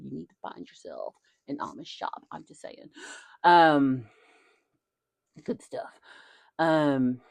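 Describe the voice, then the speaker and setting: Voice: mid-range voice, creaky, dry recording. A channel host from the southern United States with a Southern American accent, rambling in a chatty way with folksy asides. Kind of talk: casual talking-head chat.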